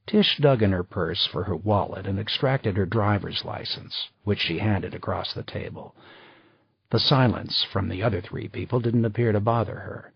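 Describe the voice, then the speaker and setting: Male audiobook narrator; low, husky, measured, on a dull, dry recording. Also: no echo. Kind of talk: scripted narration.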